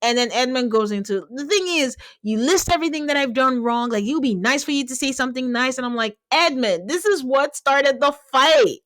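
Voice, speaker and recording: A woman hosts a casual podcast recap, her voice sitting fairly high. She talks with animation and slips into quoted voices. The sound is dry and close. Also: fast talker, few pauses, dry recording. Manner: animated, acts out quotes from the show. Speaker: podcast host.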